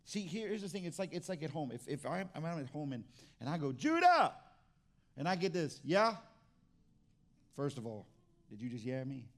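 A man's voice: fairly high pitch, expressive, quick pace, a little mellow. A middle-aged pastor preaching a sermon in a conversational way, often restarting his sentences.

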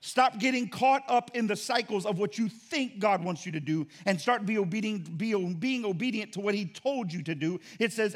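High-voiced preaching pastor, emphatic. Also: male voice, lively intonation, normal speed, hardly any pauses. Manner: emphatic, swings from loud to quiet; repetitive preaching cadence. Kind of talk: sermon. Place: church.

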